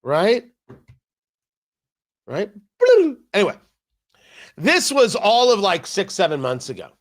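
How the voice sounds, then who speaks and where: A man's voice: high voice, sing-song, slow pace, fairly bright tone. A man hosting a political talk show, delivering an emphatic, sarcastic commentary monologue full of jokey asides. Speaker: radio talk show host.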